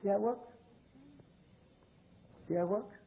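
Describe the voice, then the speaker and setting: An American man speaks high in his range to a room full of listeners. He drawls through his stories and checks in with the crowd every few lines. A faint background hiss runs under the talk. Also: measured pace, creaky, mellow, low-quality recording. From United States. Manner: storytelling, keeps asking the crowd questions; drawling, loose spoken grammar. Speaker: speaker addressing an audience. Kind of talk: live lecture with call-and-response. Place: room with a live audience.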